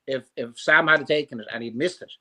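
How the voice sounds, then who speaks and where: Male panelist, mid pitch, forceful casual sports talk with curses. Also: fairly quick, a crowd in the background. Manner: emphatic and sweary.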